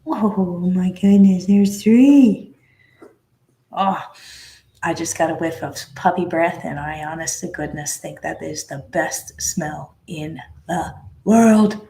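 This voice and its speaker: Slow-talking, mellow-voiced woman breeder. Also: on the low side, reverberant. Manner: gentle, affectionate, coos at the puppies. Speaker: puppy breeder hosting a live cam. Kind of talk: casual live-stream chat.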